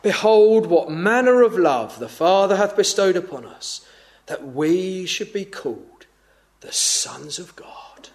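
A man preaching an evening sermon, earnest and measured, often falling to a hushed, pleading tone. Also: high voice, very animated.

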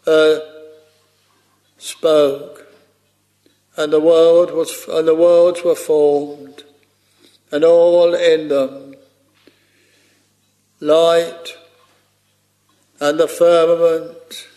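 Male preacher, slightly high voice, very slow measured sermon delivery. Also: little pitch movement, warm tone. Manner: slow, measured preaching with archaic scripture phrasing.

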